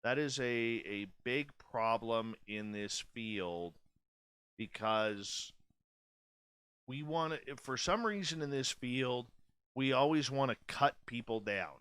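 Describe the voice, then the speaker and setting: A man's voice: medium pitch, animated, takes it slowly, a bit bright, smooth, dry recording. A man in his forties hosting a radio show, speaking bluntly and candidly in a casual late-night monologue. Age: 40s. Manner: blunt, candid and profane, with many restarts.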